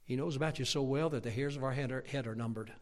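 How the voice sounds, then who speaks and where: A middle-aged man preaching a sermon, lively and animated, climbing to near-shouts and acting out his listeners' objections. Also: mid-range voice, fast talker. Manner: animated, rising to near-shouts when stirred up; acts out imagined listeners' objections.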